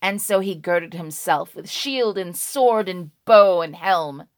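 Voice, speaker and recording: A woman telling a dragon folk tale slowly and dramatically, dropping to a hush and rising on key words. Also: lowish voice. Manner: slow, hushed and dramatic, with sudden loud words. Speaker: storyteller.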